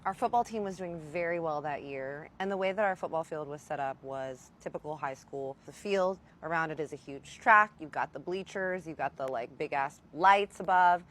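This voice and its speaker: Young woman doing a storytime vlog, kinda low voice, lively and cussing, faint hiss behind. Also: normal speed, few pauses. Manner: animated, swearing, playful exaggeration. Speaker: storyteller vlogger. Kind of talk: casual storytime.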